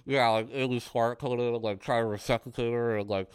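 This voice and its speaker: An animated man co-hosting a podcast in casual chat, his voice smooth and resonant. The sound is dry and close, with no room around him. He talks in loose runs full of fillers. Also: mid-range voice, fast talker, dry recording. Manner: animated, loose, says "like" a lot. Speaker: podcast co-host. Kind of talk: casual film discussion.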